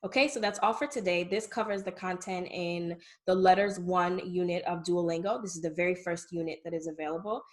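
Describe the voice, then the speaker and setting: A woman's voice: on the low side, fairly quick, hardly any pauses. A woman teaching a beginner language lesson, explaining patiently and often checking in with "okay?". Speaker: Hebrew teacher.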